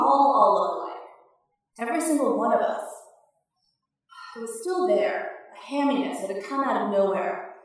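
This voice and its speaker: A woman reading a novel aloud in steady, wry audiobook narration. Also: mid-range voice. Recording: echoey, distant mic.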